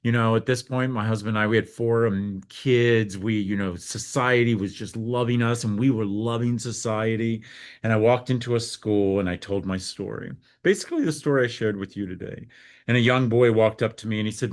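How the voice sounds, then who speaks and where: A man's voice: fairly low pitch, fairly quick. A middle-aged American man, a foster care advocate, telling his story in an interview with earnest, heartfelt feeling.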